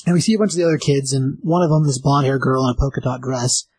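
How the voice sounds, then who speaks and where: Dude rambling through a comic recap, lots of uh, kinda husky, dry close mic. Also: male voice, mid-range voice, darkish tone, dry recording, rough recording. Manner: rambling, filler-heavy retelling with quick voices. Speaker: comic book reviewer.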